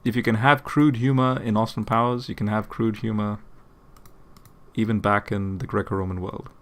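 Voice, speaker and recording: A man with a somewhat low voice talks through a point in relaxed, explanatory commentary. He restarts phrases and repeats words as he goes, and often stops to ask "okay?" before moving on. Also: normal speed. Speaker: apologetics channel host.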